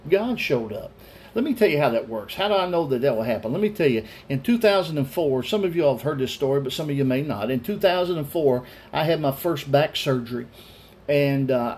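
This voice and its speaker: A man's voice: medium pitch, darkish tone, slight background noise. A man in his forties, a pastor earnestly telling a personal story during a Bible study. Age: 40s.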